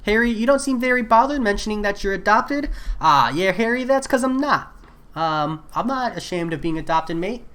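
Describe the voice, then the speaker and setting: A man's voice: high-pitched, lively intonation, moderate pace, a bit bright, clean tone. A man chatting casually while live-streaming a game, answering viewer messages in a laid-back way.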